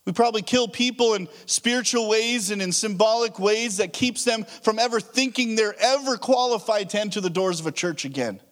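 A man's voice: sits high, fairly quick, hardly any pauses. A man preaching a sermon as a pastor, telling stories in a casual way with frequent restarts. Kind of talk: conversational sermon.

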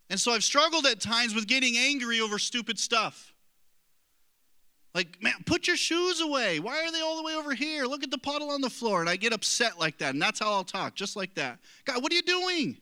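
A man's voice: sits high, pushed and bright. A middle-aged man preaching a sermon as a pastor, earnest and conversational, with self-deprecating asides to the congregation.

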